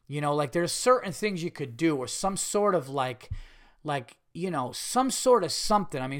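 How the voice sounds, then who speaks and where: A middle-aged male comedian hosting a podcast, delivering a profane ranting monologue that swings from yelling to calmer musing. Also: mid-range voice.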